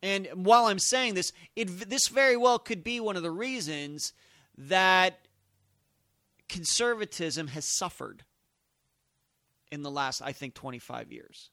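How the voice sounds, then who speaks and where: A man's voice: high voice, measured pace, pauses often, sharp tone, dry recording, studio quality. A man hosting a solo podcast, thinking aloud in emphatic, musing commentary. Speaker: podcast host.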